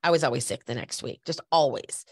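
Stuffy woman host w a cold, gravelly low voice, chatty storytelling. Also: brisk, no room sound. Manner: chatty storyteller, direct appeals to listeners. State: has a cold, a little stuffy. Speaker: podcast host. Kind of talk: conversational podcast talk.

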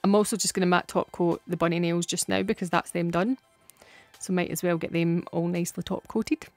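Scottish woman vlogger, casual and giggly, dry close voice with soft music underneath. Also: lowish voice, fairly even intonation, brisk, dry recording. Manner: chatty and giggly, laughs often. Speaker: nail art vlogger. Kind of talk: casual tutorial chat.

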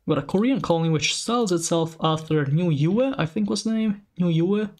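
A man hosting a casual commentary, reading lore aloud and reacting with excited, rambling asides. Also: sits high, fairly quick. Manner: excitable, rambling, frequent restarts and exclamations. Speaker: channel host.

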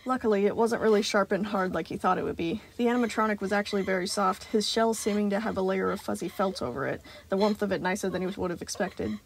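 A woman narrating a fan fiction story, reading in a steady, expressive way. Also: medium pitch, fast, hardly any pauses, slight background noise.

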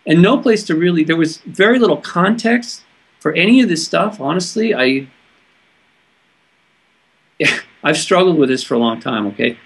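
A man from California with a somewhat high, husky voice recounts a personal experience to an interviewer. He talks earnestly and haltingly, often breaking off and restarting his sentences. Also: expressive. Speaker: interview guest. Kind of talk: personal storytelling in conversation.

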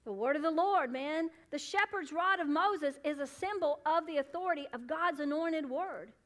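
High-voiced woman preaching fervently. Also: normal speed. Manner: preaching with calls to the congregation, rising to loud fervent peaks. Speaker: pastor. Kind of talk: sermon. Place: church sanctuary.

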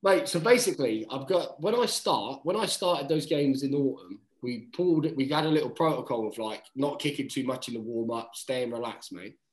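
A man's voice: mid-range voice, normal speed, hardly any pauses, roomy sound, poor audio. A man, a rugby player, telling a story in casual chat, swearing freely and acting out quotes, calling everyone mate. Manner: animated, acts out quotes.

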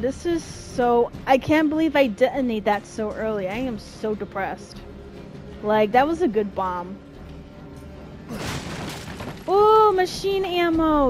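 A young woman giving profane, jumpy let's-play commentary, yelling and cursing when scared. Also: high voice. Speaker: gaming streamer. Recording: faint game music behind.

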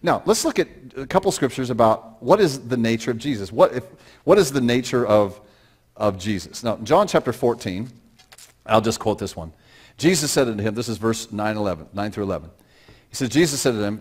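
Man preaching a sermon, rising to loud emphasis. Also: mid-range voice, animated, breathy edge. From Pacific Northwest of the United States. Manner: conversational preaching that swells to loud, drawn-out emphasis on scripture. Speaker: pastor.

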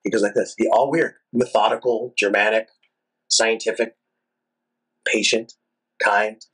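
Husky-voiced man telling a story. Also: fairly low pitch, a little slow, rough recording. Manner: animated, profane, rambling anecdotes. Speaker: rock singer, guest. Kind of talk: casual storytelling interview.

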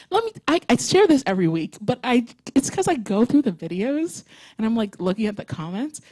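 A woman leading worship at a church service, giving chatty, excitable announcements and a closing prayer. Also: a little high, no room sound, poor audio.

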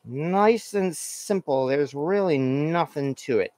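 A man's voice: a little high, slow pace, a little mellow, no room sound. A man hosting a home cooking stream, talking casually and rambling with lots of fillers and restarts while he cooks at his stove and reads viewer comments. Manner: rambling, filler-heavy, self-correcting. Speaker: cooking show host.

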